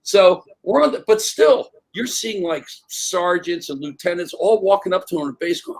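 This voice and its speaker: An older man, an interview guest on a remote call, telling animated stories and acting out other people's voices. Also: high-pitched, moderate pace, low-quality recording. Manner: animated, acts out voices in anecdotes. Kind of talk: casual storytelling.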